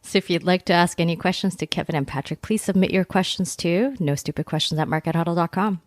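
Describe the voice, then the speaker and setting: A woman reads a listener question to a podcast in a light, friendly voice. Her pitch is on the low side for a woman. The recording is dry and close. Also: fast talker, no echo.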